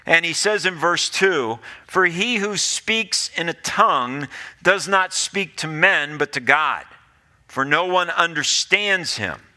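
A man's voice: a little high, bright, forceful tone. A male pastor preaching a sermon in an earnest, pleading way, often repeating his phrases.

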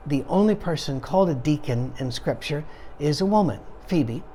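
A tired male pastor talks through a Bible study in a loose, digressive way, full of ums and restarts. His voice is mellow and relaxed rather than bright. A faint hiss sits behind it. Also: on the high side, moderate pace. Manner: rambling, digressive, with many fillers and restarts. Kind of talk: conversational Bible study teaching.

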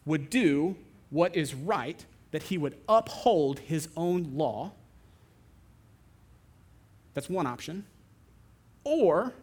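A young adult man, a pastor, preaching a sermon and telling a story with lively, animated delivery. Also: a little high. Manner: animated storytelling, acting out other voices.

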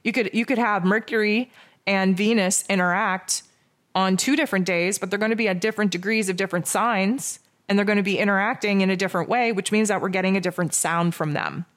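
A woman's voice: medium pitch, brisk. A woman giving an astrology forecast in a loose, casual monologue, often sarcastic and mocking herself, stringing together lists of near-synonyms.

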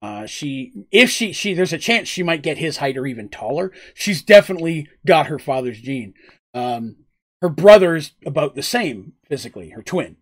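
A man's voice: on the high side, lively intonation, normal speed. A man narrating a tabletop role-playing game as game master, in a loose, rambling way with frequent asides.

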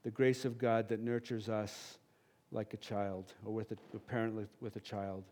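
A middle-aged man preaching a sermon in a church, passionate and emphatic, with sudden loud peaks and then a soft, quiet prayer. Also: on the low side, little pitch movement, moderate pace. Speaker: pastor.

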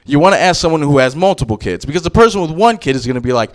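Young male stand-up, profane and brash, high voice, lively swings. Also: racing. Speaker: stand-up comedian. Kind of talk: stand-up comedy set.

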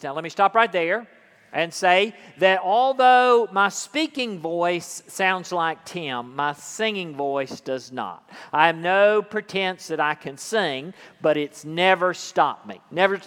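Pastor, male, high smooth voice, unhurried sermon delivery in a reverberant church. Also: animated, fairly bright tone. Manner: dramatic scripture reading, then coaching a congregation to sing. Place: church sanctuary. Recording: long hall reverb.

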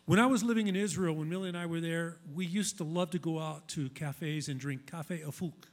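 A man's voice: fairly high pitch, fairly quick. A male pastor giving a sermon in a conversational, emphatic style, repeating key phrases for weight.

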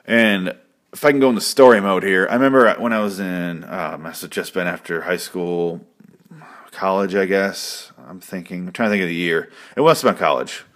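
Male host, lower register, loose profane recap chatter. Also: normal speed, a bit bright. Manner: rambling, profane and jokey. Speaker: podcast host. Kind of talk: casual recap chat.

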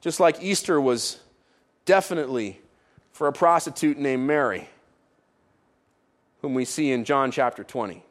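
A man's voice: medium pitch, a little slow, pauses often. A man preaching a sermon as pastor, stressing points by repeating them and checking in with the congregation. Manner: emphatic, repeats key points, asks "right?".

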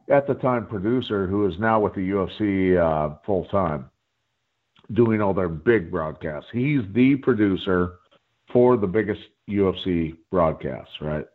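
A man guest telling a rambling story in a profane, animated way during a casual chat. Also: on the low side. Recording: phone-like line.

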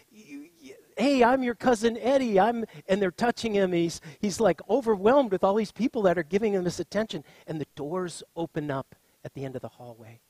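A middle-aged man preaching a sermon as pastor, impassioned, swinging from loud declarations to soft, quiet words. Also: high voice, no room sound.

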